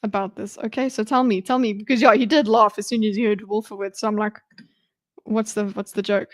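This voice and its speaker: A woman's voice: medium pitch, steady tone, fast, dry recording. A woman streaming live commentary on a debate video, chatty and giggly, talking back to the clip.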